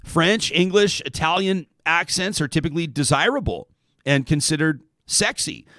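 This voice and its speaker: Animated, lively male talk show host. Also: on the high side, normal speed, dry recording, clean studio sound. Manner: animated, conversational, reads listener emails aloud. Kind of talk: radio talk show monologue.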